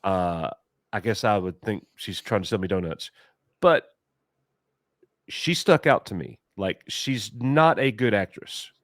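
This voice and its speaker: A man co-hosting a casual review chat, animated and mocking, with exaggerated reactions. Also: lowish voice, a little slow, no room sound, clean studio sound. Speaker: co-host of a TV review show.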